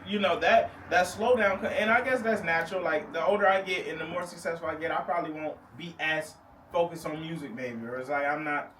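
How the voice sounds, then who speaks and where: A man with a fairly high voice talks in a loose, slangy way and laughs often. He sounds set back from the microphone in an echoey room, with steady noise behind him. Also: a little fast, distant mic. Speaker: recording artist. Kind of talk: casual chat.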